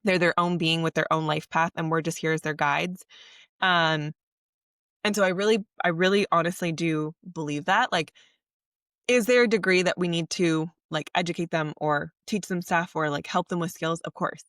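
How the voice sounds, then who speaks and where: A woman's voice: on the low side, fairly even intonation, moderate pace, fairly bright tone, no room sound, recorded from a distance. Woman host, chatty earnest monologue, dry sound, a little off-mic. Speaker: podcast host. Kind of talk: casual monologue on parenting.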